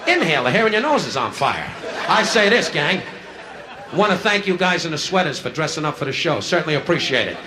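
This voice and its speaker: A male stand-up comedian doing insult comedy, firing brash, rapid jabs at audience members from a nightclub stage. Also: a little high, very animated, crowd noise. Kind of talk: insult comedy crowd work. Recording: live club recording, loud laughter, hiss.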